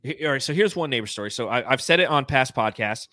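Bright-voiced man telling rambling stories. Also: medium pitch, lively intonation, quick pace, no room sound. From California. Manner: rambling, self-mocking anecdotes with many fillers. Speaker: podcast host. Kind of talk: casual storytelling chat.

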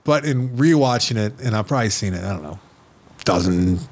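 A man's voice: on the low side, expressive, a little fast, darkish tone. A middle-aged man co-hosting a film podcast, talking in a casual, rambling way with many restarts. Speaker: podcast co-host. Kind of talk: casual chat.

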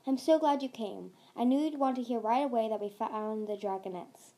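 A woman voicing a regal, commanding queen of sea dragons in a storybook reading, speaking loudly and emphatically. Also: a little high, a little fast, natural voice. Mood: effusive. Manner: loud, demanding and emphatic.

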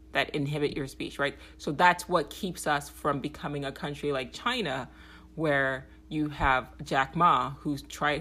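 Low-voiced blunt woman ranting. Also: fairly bright tone. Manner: blunt, profane, repeats "okay?" for emphasis; grows heated and higher when agitated. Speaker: podcast host. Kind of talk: opinionated political monologue.

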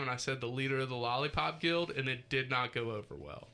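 A man's voice: medium pitch, animated, quick pace, bright, forceful tone. A man hosting a podcast, reading from a list and joking around casually with friends, swearing freely. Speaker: podcast host.

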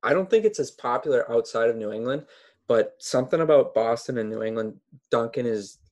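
A man's voice: medium pitch, expressive, fairly quick, a little mellow. A man co-hosting a casual interview, asking questions in an easygoing way. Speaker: podcast co-host.

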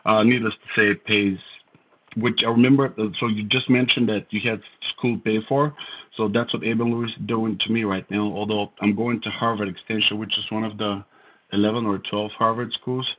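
A man's voice: on the low side, level tone, brisk, a little hiss or hum. Bulgarian-accented man on a tinny line. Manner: wry, self-deprecating storyteller. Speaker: podcast guest. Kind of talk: casual storytelling interview.

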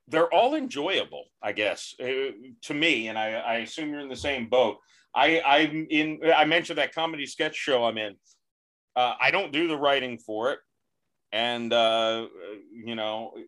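A male comedian guest on a podcast, rambling in a self-deprecating way with halting restarts. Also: mid-range voice, a bit bright. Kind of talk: casual comedy podcast chat.

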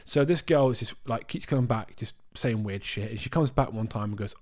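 A man from the UK co-hosting a podcast, telling a travel story in a rambling, animated way with lots of restarts. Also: lowish voice, fairly quick, few pauses. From United Kingdom. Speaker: podcast co-host. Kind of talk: casual storytelling chat.

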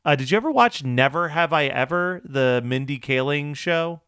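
Man, podcast co-host, wry recap, somewhat high voice, dry sound. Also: expressive, moderate pace, a bit bright, smooth, no room sound. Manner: wry, chatty, laughs often. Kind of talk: casual chat.

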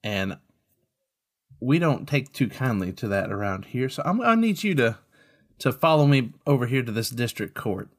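A man's voice: mid-range voice, sing-song, moderate pace. A man voicing a stern small-town female police officer in a tabletop role-play, drawling and menacingly polite.

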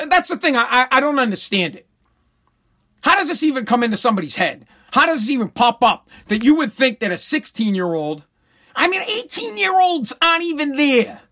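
A man's voice: very high voice, pushed and bright. A middle-aged man ranting bluntly and profanely, hammering each point with short repeated phrases as a talk host. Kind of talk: profane political rant.

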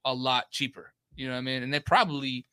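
Young dude rambling on a podcast, bright kinda high voice, dry close mic. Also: male voice, fairly even intonation, quick pace, smooth, no room sound. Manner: loose, rambling, profane slang-heavy talk. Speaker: podcast co-host. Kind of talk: casual chat.

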